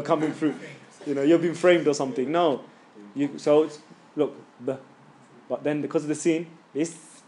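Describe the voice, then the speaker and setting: A man's voice: fairly high pitch, a little mellow, slight background noise. A middle-aged man, casually coaching students on recitation in a class and demonstrating the sounds himself. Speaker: Quran recitation teacher. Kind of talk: live tajweed class coaching.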